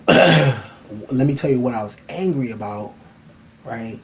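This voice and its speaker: Male host, blunt and profane, animated casual monologue, laughs a lot. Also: mid-range voice, slow pace. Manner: laughs often.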